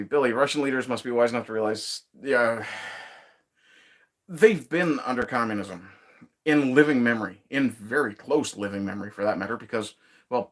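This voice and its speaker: A man's voice: medium pitch, a bit bright. A man hosting a casual livestream from his woodshed, reading viewer chat in a laid-back, profane way with frequent chuckles.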